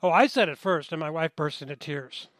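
A man's voice: a little high, fairly quick, fairly bright tone, no room sound. A man co-hosting a dating podcast, agreeable and joking in casual chat. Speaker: podcast co-host.

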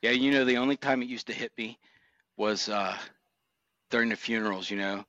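Earnest man with a bright, dry voice. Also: medium pitch, fairly quick, no echo, dull audio. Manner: earnest, reflective, emotional recollection. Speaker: retired motor cop guest. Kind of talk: candid interview storytelling.

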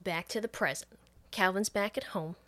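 A woman co-hosting a podcast recaps a movie plot in casual conversation, her mid-range voice moving at a normal speed. She swears freely and animatedly quotes the characters' lines as she goes.

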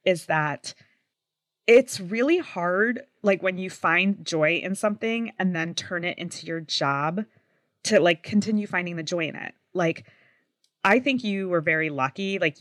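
A woman's voice: on the low side, fairly bright tone, no echo, clean studio sound. A woman co-hosting a podcast, chatting enthusiastically and rambling a little, with plenty of "like" fillers. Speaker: podcast co-host. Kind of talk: casual podcast chat.

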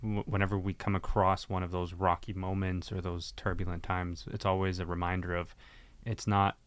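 A man hosting a casual podcast, calm and measured as he talks about relationships. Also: low voice, clean tone, no room sound. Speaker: podcast host.

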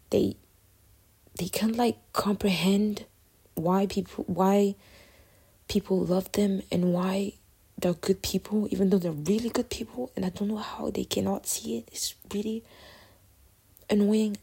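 A woman's voice: medium pitch, gravelly, warm tone, husky. A woman hosting a casual solo podcast, talking in a candid, reflective, rambling way full of fillers and self-corrections. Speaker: podcast host.

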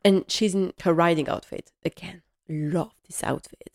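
Woman host gushing about a tv episode, kinda low voice with lots of fry. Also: fairly even intonation, moderate pace, a little mellow. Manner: enthusiastic and rambling, many fillers. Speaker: podcast host. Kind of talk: casual episode recap.

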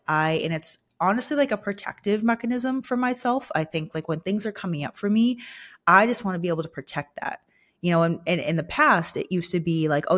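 A young woman hosting a personal podcast, speaking candidly and vulnerably with many fillers, emotional and close to tears. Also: low voice. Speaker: podcast host. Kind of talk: personal reflective monologue.

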